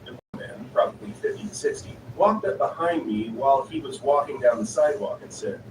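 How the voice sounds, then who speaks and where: A man's voice: mid-range voice, animated, a little fast. Distant echoey male story narrator. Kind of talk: reading online stories aloud. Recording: echoey, distant voice with noisy ambience.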